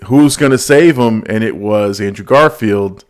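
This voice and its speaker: A man hosting a casual podcast, talking about movies in an animated, storytelling way. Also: fairly low pitch, a little slow, clean tone. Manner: animated, storytelling with quoted lines and laughs. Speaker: podcast host. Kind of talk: casual movie review chat.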